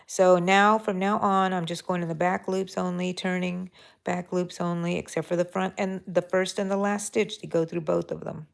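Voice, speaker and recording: A middle-aged woman hosting a live crochet tutorial, talking softly and mellowly, sometimes drifting into a whisper as she works. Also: on the low side, level tone, normal speed, creaky. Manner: soft, mellow, drifting into whispers while counting stitches. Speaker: crochet channel host.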